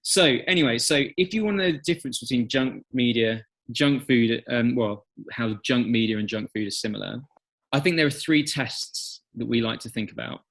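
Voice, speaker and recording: Man, English accent, middle-aged, podcast guest, conversational, animated storyteller. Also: mid-range voice, normal speed, gravelly. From England. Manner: animated storyteller, acts out quotes. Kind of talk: conversational interview.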